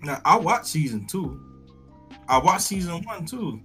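A man co-hosting a casual podcast, giving brief, relaxed replies and swearing casually. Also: fairly high pitch, unhurried, faint music behind. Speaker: podcast co-host. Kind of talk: casual chat.

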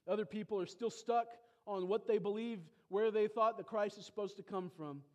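A male pastor preaching a sermon, emphatic, with rhetorical questions, swinging between loud exclamations and hushed asides. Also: high-pitched, moderate pace, few pauses. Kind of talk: expository sermon.

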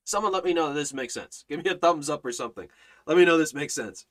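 A man teaches a Bible study in an emphatic preaching voice that sits a bit high for a man and rings bright and forceful. He hammers points home with repetition and rhetorical questions, and he slows down to read scripture aloud in old-fashioned wording. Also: lively intonation. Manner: reads scripture aloud in King James wording. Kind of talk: livestreamed Bible study sermon.

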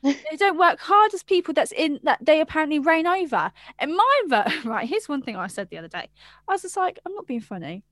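Woman from england on a podcast, kinda high voice, dry close mic, swears and laughs telling stories. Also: brisk, no echo. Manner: animated, swearing, laughing storyteller. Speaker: podcast co-host. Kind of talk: casual chat.

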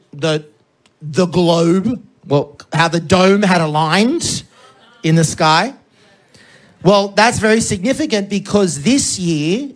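An energetic preacher delivering a sermon who keeps checking in with the congregation. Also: mid-range voice. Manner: energetic, checks in with frequent "okay?".

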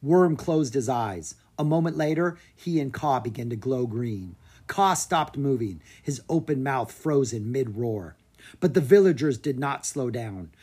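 A narrator reads a children's dragon adventure with a slightly breathy, husky tone. The delivery swings up and down in pitch, keeping the story animated for young listeners. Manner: lively read-aloud with voiced characters. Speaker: audiobook narrator.

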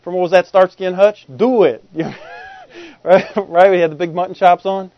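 A man's voice: high voice, fairly even intonation, moderate pace, highs cut off. A middle-aged man, preaching a sermon in a folksy, conversational way and often asking the congregation if they follow. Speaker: pastor.

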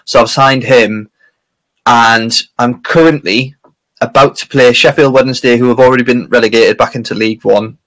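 A man chatting casually on a podcast, rambling through stories with frequent laughter and restarts. His voice sits at an ordinary middle pitch. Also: fairly even intonation, moderate pace, fairly bright tone, rough recording. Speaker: podcast co-host. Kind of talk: casual chat.

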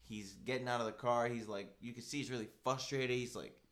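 A young man spins a casual story, full of fillers and quick asides. He slips into other people's voices as he goes, in a mid-pitched voice. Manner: animated, filler-heavy, acts out quoted voices.

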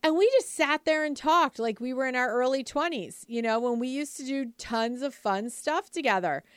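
A woman's voice: sits high, normal speed, clear, resonant tone, no room sound, clean studio sound. A woman giving a casual, upbeat motivational talk to moms, chatty and full of "like" and "you know", often asking the listener rhetorical questions. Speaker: lifestyle speaker addressing moms.

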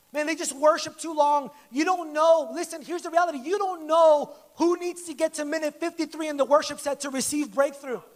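High-voiced man preaching casually. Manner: conversational, joking preaching with acted-out quotes. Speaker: pastor. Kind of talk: sermon. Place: church service.

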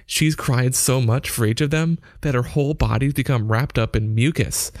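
A man's voice: normal speed, dry recording, clean studio sound, natural voice. A man voicing a spirited, imaginative young girl in a storybook reading. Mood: earnest. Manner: high, excited storybook child.

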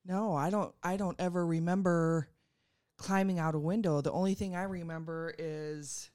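A middle-aged woman chatting as a guest on a podcast, easygoing and quick to laugh. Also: on the low side, steady tone, darkish tone, no room sound, studio quality. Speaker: guest, host's mother. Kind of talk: casual podcast chat.

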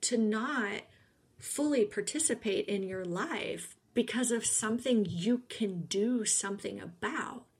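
A woman's voice: mid-range voice, unhurried, slightly rough. A woman co-hosting a casual podcast chat, emphatic and full of rhetorical questions, laughing often. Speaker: podcast co-host.

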